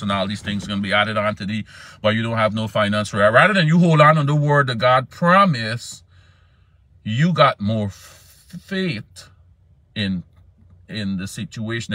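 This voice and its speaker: A man preaching a sermon with fervor, his voice climbing high when he acts out desperate pleas. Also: a bit bright, no room sound.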